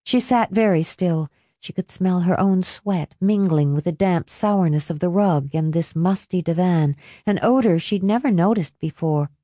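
In a low-leaning voice, a woman performs scripted narration of a novel as an audiobook, keeping an even, measured storytelling tone. The studio-quality recording is dry.

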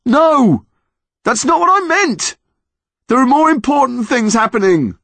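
A shrill, desperate young boy. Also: lively intonation, a little slow, no room sound. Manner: shouting, pleading, desperate. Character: grieving, furious young boy.

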